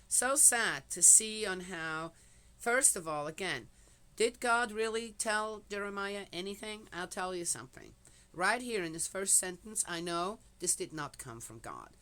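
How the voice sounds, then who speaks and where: An older woman with a bright, forward voice talks casually to her camera in a rambling, chatty way. She wanders from one thought to the next and keeps dropping in small affirming asides before settling into Bible commentary. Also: medium pitch, lively intonation, a little slow. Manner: meandering, chatty, frequent "yes" and "anywho" asides. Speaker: vlogger.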